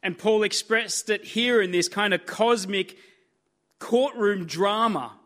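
Man, preacher; high bright voice, slow emphatic sermon delivery. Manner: earnest, emphatic, building repetition.

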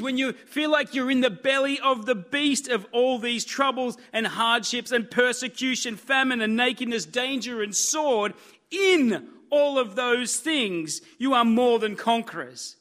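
High-voiced, slow-speaking preacher man. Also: fairly bright tone. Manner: earnest, emphatic, building repetition. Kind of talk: sermon.

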